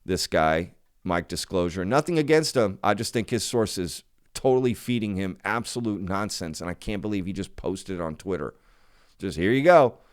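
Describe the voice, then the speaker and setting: A man's voice: deep voice, lively intonation, moderate pace, clean tone. A man hosting his own channel, talking casually to viewers in an emphatic, skeptical way and often repeating himself. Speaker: channel host.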